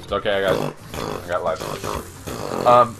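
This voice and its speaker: A man's voice: extremely low pitch, wildly swooping pitch, slow, creaky, bright, forceful tone, soft background music. A young man hosting a let's play, rambling in casual gaming chat with many restarts and curses. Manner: rambling, lots of restarts and swearing.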